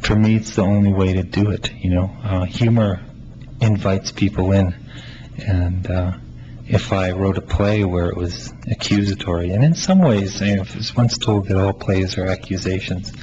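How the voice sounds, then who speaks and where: A playwright from Canada, a man answering interview questions in a thoughtful, halting way, with frequent laughs. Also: sits low, fairly even intonation, dark tone. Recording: slightly muffled with faint hiss.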